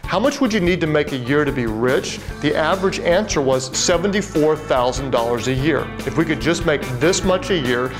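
A man's voice: a little high, lively intonation, normal speed, few pauses, over music. A man, a pastor, speaking in a sermon video with punchy storytelling and repetition.

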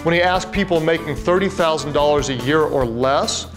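A man's voice: on the high side, moderate pace, music in the background. A man, a pastor, speaking in a sermon video with punchy storytelling and repetition.

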